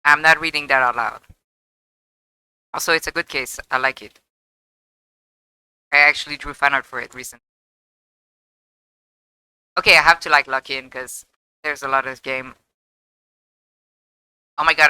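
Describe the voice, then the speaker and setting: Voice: medium pitch, steady tone, moderate pace, long pauses, pushed and bright, clear, resonant tone, poor audio. A streamer giving casual, chatty commentary while playing a game, often exclaiming and breaking off mid-sentence. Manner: chatty, exclaiming, self-interrupting. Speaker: live streamer. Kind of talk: casual let's-play commentary. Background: game music.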